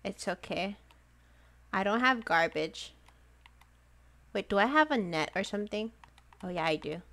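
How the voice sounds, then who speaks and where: A woman's voice: mid-range voice, lively intonation, a little slow, a bit bright. A woman streaming a game live, chatting casually and giggling often, with lots of "like" fillers. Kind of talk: casual livestream chat while playing a game.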